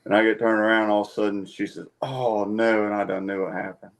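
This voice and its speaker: A man's voice: fairly low pitch, level tone, brisk. A man telling a fishing story in a casual chat, plain and folksy in manner. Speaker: guest.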